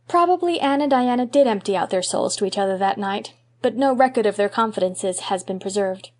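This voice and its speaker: A woman narrates a classic novel as an audiobook in a steady, mid-range voice. Her reading is measured and expressive, with a calm storytelling pace. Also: medium pitch.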